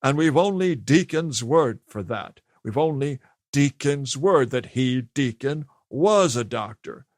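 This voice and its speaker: A man's voice: medium pitch, animated, takes it slowly, no echo, studio quality, voice pushed up. A man voicing a pompous, blustering older governor who speaks weightily with heavy emphasis. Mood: pompous indignant.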